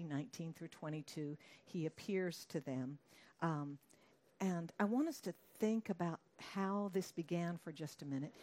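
A woman preaching a sermon in a conversational way, with a fairly low voice. She keeps asking her listeners questions and acts out quoted lines in a raised voice. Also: a little mellow.

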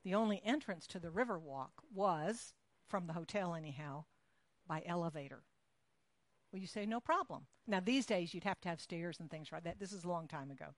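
A woman preaching a sermon, telling a story with lively acted-out voices for the people in it. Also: lowish voice, a little fast, no echo. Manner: animated storytelling, acts out quoted voices.

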